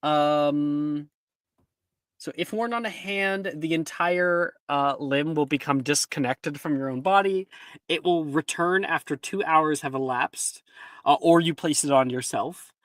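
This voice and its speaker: A man's voice: fairly high pitch, unhurried, a bit bright, dry recording, studio quality. A man narrating a tabletop game as game master, hesitant and full of filler words. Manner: hesitant, full of likes and ums.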